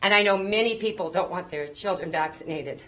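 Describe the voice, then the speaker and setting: A woman's voice: fairly low pitch, brisk, a bit bright, low-quality recording. Woman, public comment, earnest, pleading, nervous, choked up.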